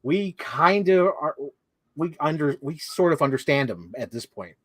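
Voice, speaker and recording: Young man, co-host, casual film chat, enthusiastic, rambling lists, fairly high voice, dry close sound. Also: expressive, unhurried, no room sound. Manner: enthusiastic, talks in long run-on lists with many "like"s. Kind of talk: casual movie discussion.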